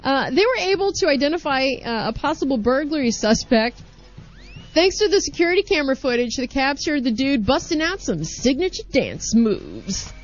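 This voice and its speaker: A woman's voice: sits high, normal speed, soft background music. A woman co-hosting a comedy radio show, reading odd news stories with lots of giggles and banter. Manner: animated, giggly storyteller. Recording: dull lo-fi radio recording.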